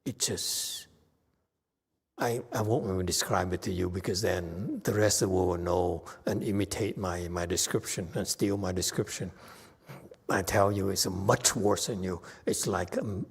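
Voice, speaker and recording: A man's voice: sits low, fairly even intonation, measured pace, creaky, husky. A man giving a Dharma talk as a meditation teacher, chatty and teasing, often checking in with his listeners.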